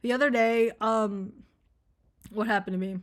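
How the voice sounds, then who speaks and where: A woman's voice: a little high, fairly even intonation, moderate pace. A young adult woman talking to camera in a casual, rambling vlog, blunt and profane, with many fillers. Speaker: vlogger.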